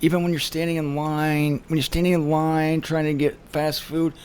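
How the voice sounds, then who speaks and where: A man's voice: a little high, little pitch movement, normal speed, a little mellow, smooth. Emphatic man telling a story. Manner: emphatic storytelling with acted quotes. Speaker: show host. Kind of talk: casual monologue.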